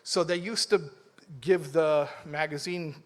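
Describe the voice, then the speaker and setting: Male rabbi, animated storytelling sermon, slightly high voice. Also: measured pace. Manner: animated, acts out dialogue, mumbles asides. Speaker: rabbi giving a talk. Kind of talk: storytelling sermon to a live audience.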